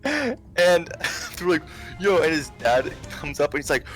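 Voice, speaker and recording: A man's voice: on the high side, sing-song, measured pace, fairly bright tone, faint music behind. A young man in his twenties telling a funny story while playing a game, laughing often and stumbling over restarts and fillers. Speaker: game commentary co-host. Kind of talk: casual storytelling over gameplay. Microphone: remote call with screen share.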